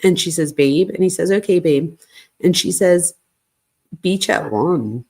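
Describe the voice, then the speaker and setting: Woman, somewhat low voice, casual, reads text messages aloud flatly, at home at night. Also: a little slow, slightly rough. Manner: reads texts flatly, breaks off to calm her barking dog. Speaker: true crime host.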